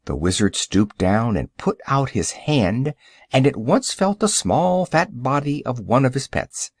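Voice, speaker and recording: A man narrating a children's audiobook with expressive storytelling. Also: medium pitch, a little slow, slightly rough, dry recording, studio quality.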